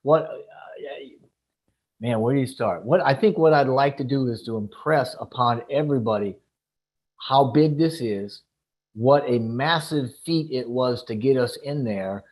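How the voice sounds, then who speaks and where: A man speaking as a guest on a livestream, excited and often searching for words. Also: medium pitch, unhurried. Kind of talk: enthusiastic casual talk.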